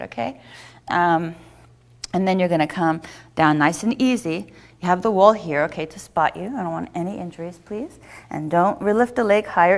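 A woman teaching a yoga class, giving gentle, encouraging step-by-step instructions. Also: lowish voice.

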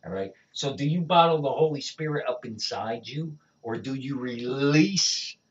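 A man speaking as an evangelist, telling stories of his faith in an animated, conversational way and often checking in with "all right?". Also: medium pitch, measured pace. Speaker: evangelist guest. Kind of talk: conversational testimony. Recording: dull distant lo-fi sound.

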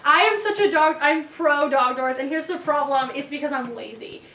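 A woman's voice: high-pitched, moderate pace, sharp tone, echoey room, far from the mic. A woman showing off her dog's tricks in a chatty, casual talk, laughing often. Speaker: dog owner showing tricks. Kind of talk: casual chat.

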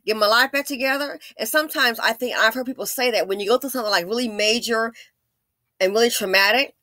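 Woman commentator with a bright, forceful voice and a slightly high pitch, preachy and sassy, recorded dry. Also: quick pace, dry recording. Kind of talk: true-crime commentary.

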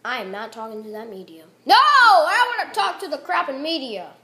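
A woman commentating a video game she is playing, excitable, full of exclamations and trash talk. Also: high-pitched, a little fast. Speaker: gaming commentator. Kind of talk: gameplay commentary.

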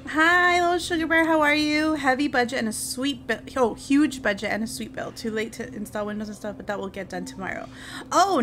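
A woman's voice: sits high, fairly bright tone, a little hiss or hum. A woman live-streaming a game, chatting casually with viewers, apologetic and easily startled. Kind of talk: casual live-stream chat while gaming.

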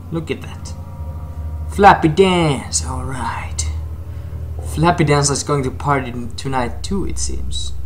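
A man's voice: on the high side, expressive, takes it slowly, long pauses, slight background noise. A man commentating a horror game he is playing, jumpy, shrieking and laughing when scared. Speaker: gaming commentator.

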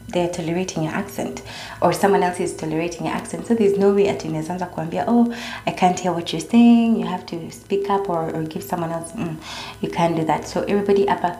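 Young Kenyan woman vlogger, a little low-pitched, easygoing chat in a roomy space. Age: young adult. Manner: chatty, mixing in Swahili slang. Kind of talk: casual chat. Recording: echoey room.

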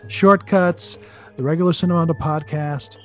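Upbeat man with a slightly higher voice. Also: steady tone, moderate pace, soft background music. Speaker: podcast co-host. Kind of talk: casual review chat.

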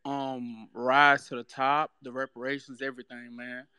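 A man's voice: mid-range voice, little pitch movement, normal speed, pushed and bright, smooth, no echo, clean studio sound. A man from South Sudan calling in to a radio show, friendly and laid-back. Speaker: caller. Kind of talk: call-in chat.

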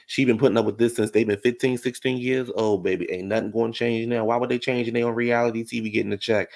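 A man's voice: mid-range voice, fairly even intonation, quick pace, gravelly, hardly any pauses, a little mellow. A man doing a casual, sassy reality show recap, gossiping and calling his listeners baby and honey.

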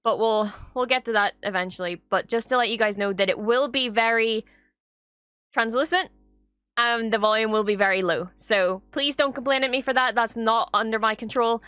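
A young Irish woman hosting a reaction video, chatting casually and gushing excitedly with frequent swearing. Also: a little high, moderate pace, clear, resonant tone, no room sound, faint music behind.

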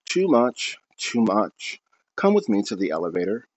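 A tired, soft-spoken father who speaks in careful, formal sentences, put on by a male reader. His voice sits lower than the storytelling voice and moves in lively contours. The recording sounds dull and lo-fi. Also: a little slow. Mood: exhausted. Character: tired, gentle middle-aged father, a professor.

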